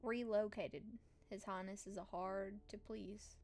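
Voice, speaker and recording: A woman's voice: medium pitch, steady tone, a little slow, a little mellow, soft background music, lightly acted. A woman voicing a gossipy young female palace servant with a put-on country accent, in a chatty, confiding way. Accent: put-on American country.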